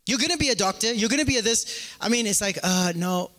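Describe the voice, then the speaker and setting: A man with a very high voice preaches a sermon as a pastor, talking fast, cracking jokes and acting out little dialogues with animation. The recording has the echo of a hall.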